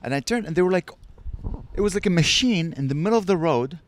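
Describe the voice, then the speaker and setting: A man's voice: high-pitched, lively intonation, fast talker, a little hiss or hum. Man telling a rambling travel story. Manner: rambling storyteller, swears freely, acts out people he met. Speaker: podcast co-host. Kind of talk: casual comedy podcast chat.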